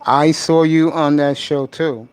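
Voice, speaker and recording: A man's voice: fairly high pitch, steady tone, slow pace, a little mellow, clear, resonant tone. A man hosting a casual live chat, affectionate and emotional with his guest. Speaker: host.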